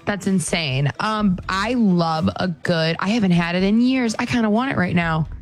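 A woman in her thirties co-hosting a casual chat, bubbly and animated in her reactions. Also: medium pitch, normal speed, faint music behind. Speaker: co-host.

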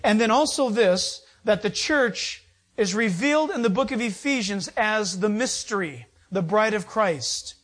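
Brief: preacher, mid-pitch voice, casual storytelling sermon, loose and chatty. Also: animated, measured pace, fairly bright tone. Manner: conversational storytelling with fillers.

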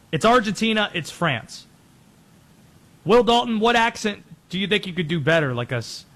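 A man hosting a sports show, talking through teams and players in quick, conversational commentary that often corrects itself. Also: sits high, a bit bright.

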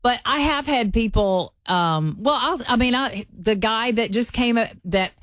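A woman's voice: on the high side, expressive, unhurried, a bit bright, dry recording, studio quality. A woman co-hosting a show, telling a rambling, folksy story in casual chat. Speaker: radio show co-host.

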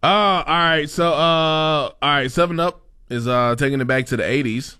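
A man's voice: on the high side, moderate pace, pushed and bright, clear, resonant tone. A man co-hosting a casual podcast, chatting playfully about food and drinks. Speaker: co-host.

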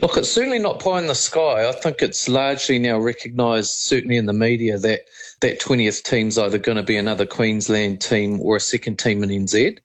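A man, a rugby league chair speaking as a guest on a radio call, measured and matter-of-fact. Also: fairly low pitch. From New Zealand. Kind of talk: radio interview. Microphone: phone call into radio.

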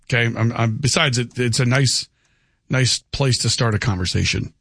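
A man hosting a call-in radio show, arguing his point in a stubborn, deadpan way. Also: mid-range voice, normal speed, gravelly, no room sound. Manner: stubborn, argumentative, dry. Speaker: radio talk show host. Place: radio studio. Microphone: studio microphone.

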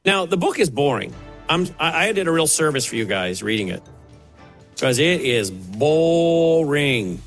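Animated, pointed male commentator. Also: a little high, moderate pace, soft background music, poor audio. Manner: pointed, sarcastic critique. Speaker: radio commentator. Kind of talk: opinion commentary.

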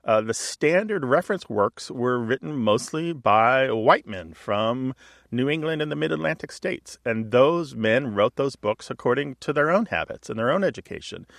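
A man hosting a call-in radio show, explaining to a caller in a relaxed, chatty way with little asides. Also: mid-range voice, gravelly, no room sound, studio quality. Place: radio studio.

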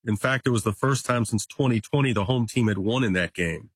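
Guest sports reporter, male, husky voice, dry sound, chatty and numbers-driven. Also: mid-range voice, fairly quick, no room sound. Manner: stat-heavy, conversational, occasional restarts. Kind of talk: casual sports analysis.

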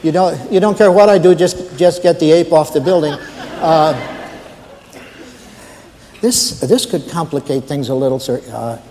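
Man doing a jittery rookie guard on the phone, halting and deferential, higher voice, long hall reverb. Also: darkish tone, a little hiss or hum. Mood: flustered. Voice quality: stammering, hesitant, overly polite. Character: nervous new male night guard phoning his boss. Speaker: comedian.

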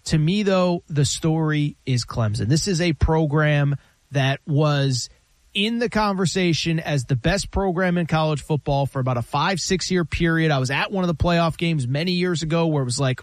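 A man hosting a sports talk show, running through scores and stats in a brisk, emphatic way. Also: on the high side, animated, no echo.

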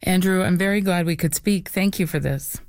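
A man's voice: high-pitched, moderate pace, no room sound, studio quality. A man hosting an interview, asking reflective, open questions. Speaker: interview host.

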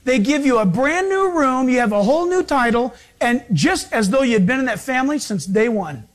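A man preaching a sermon as pastor, moving between loud, acted-out lines and hushed, serious passages. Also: extremely high pitch, lively intonation, a little fast.

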